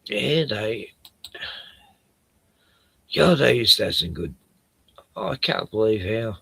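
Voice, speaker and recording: A man's voice: on the low side, sing-song, slow pace, gravelly, long pauses, pushed and bright, husky, no room sound. An Australian man chatting casually and rambling while he searches online, trailing off mid-sentence and swearing now and then.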